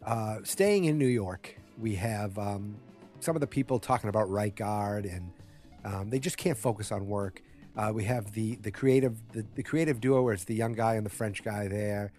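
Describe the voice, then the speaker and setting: Rambling, low-voiced man recapping casually. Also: normal speed, darkish tone, soft background music. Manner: rambling, filler-heavy, self-correcting; blunt, opinionated. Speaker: TV episode recapper.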